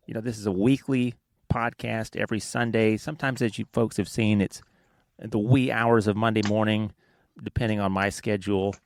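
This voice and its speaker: A man's voice: on the low side, steady tone, moderate pace, gravelly, no echo. A man with a Southern American accent hosting a casual podcast, telling rambling, self-deprecating stories. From Alabama, United States. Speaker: podcast host.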